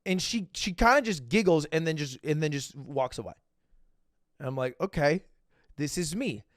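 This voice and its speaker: A young man livestreaming, casually telling a story to his chat, swinging between loud bursts and low asides and acting out the dialogue. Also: expressive, normal speed, no echo, clean studio sound. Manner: acts out quoted dialogue.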